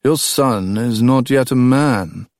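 A man's voice: mid-range voice, takes it slowly, darkish tone, no room sound, clean studio sound, voice pushed up. A man doing a cool, unreadable king. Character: mild, guarded older king.

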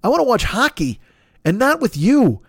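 Host, male, heated profane comedic rant, lively pitch, dry close sound. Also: moderate pace, slightly rough, no echo.

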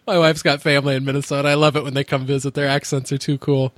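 A man's voice: medium pitch, flat delivery, fast talker, dry recording. A man hosting a podcast, chatting casually, joking and laughing often like a gushing fan. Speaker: podcast host.

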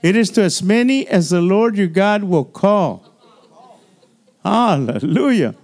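An older man, a pastor, preaching an animated sermon in church, with chatty asides and laughs. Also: high voice, moderate pace.

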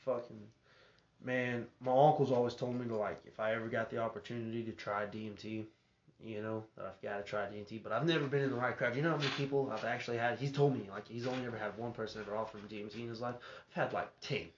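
A young man with a Texan drawl spins a rambling, profane tale, breaking into laughter and loud acted-out quotes. His voice sits in a middle range. The muffled recording carries a roomy echo and a faint hiss. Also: medium pitch, flat delivery, quick pace. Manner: profane, laughs often, acts out quotes loudly. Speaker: podcast co-host. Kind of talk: casual storytelling chat. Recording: echoey room, muffled audio, faint hiss.

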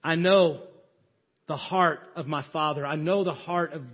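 A man preaching a sermon, swinging from shouting to hushed near-whispers. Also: a little high, steady tone, normal speed, slightly rough, highs cut off.

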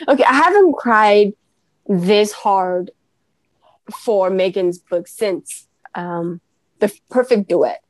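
A woman co-hosting a casual book podcast, gushing and giggly as she talks through a read. Her voice is mid-pitched and recorded close and dry. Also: slow pace, pauses often, dry recording. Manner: gushing, giggly, animated reviewer. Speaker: podcast co-host.

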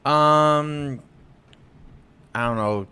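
A man's voice: on the high side, very slow, sharp tone, clear, resonant tone. A young man co-hosting a podcast in casual chat, telling a story with plenty of fillers and restarts. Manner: rambling, lots of fillers and restarts. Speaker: podcast co-host.

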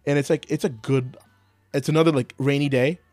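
A man's voice: a little fast, no echo, clean studio sound, faint music behind. A young man co-hosting a casual podcast, talking animatedly, laughing often and acting out movie lines. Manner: animated, laughs often, acts out movie quotes in high voices. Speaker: podcast co-host. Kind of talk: casual chat.

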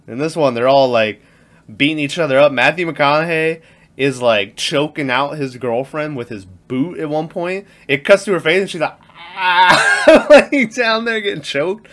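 A man's voice: on the high side, moderate pace, a bit bright. A man in casual movie chat who laughs often, acts out lines from the film and swears freely. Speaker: podcast co-host.

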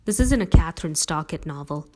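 A woman's voice: sits low, lively intonation, brisk, mellow, soft background music. A woman voicing a tired, protective middle-aged father in a read-aloud story, speaking earnestly and firmly.

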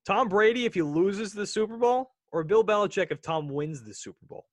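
Excitable rambling sports podcast man. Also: high voice, brisk, dry recording. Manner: rambling, self-correcting, excitable. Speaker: podcast co-host. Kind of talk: casual sports chat.

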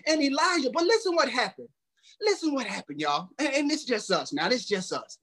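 A man's voice: extremely high pitch, sing-song, fairly quick, a bit bright. A man preaching a sermon in a folksy, humorous way, speaking straight to the congregation, hot and sweating. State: sweating from the heat.

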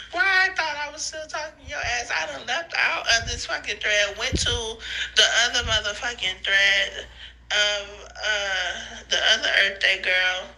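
A young woman recording rambling phone voice notes, giggly, profane and slangy, high and tearful, often breaking into laughing squeals. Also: fairly even intonation, a little slow, bright, forceful tone, poor audio. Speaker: podcaster sending voice notes. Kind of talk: rambling voice-note monologue. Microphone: phone voice memo.

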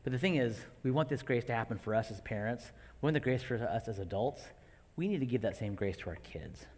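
A man in his forties preaching a sermon to parents, animated and acting out his own outbursts. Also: medium pitch, fairly quick. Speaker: pastor. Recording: long hall reverb.

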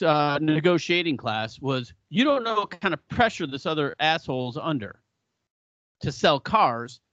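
Speaking in a high-pitched voice, this man co-hosts a podcast and spins profane, casual stories, performing the quotes of the people in them with lots of animation. The audio has no echo and sounds lo-fi.

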